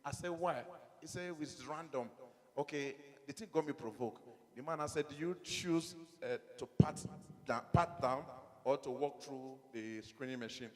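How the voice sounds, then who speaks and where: A middle-aged man with a Nigerian accent doing a stand-up comedy set, animated, acting out dialogue in his stories. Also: mid-range voice, normal speed, in a large hall.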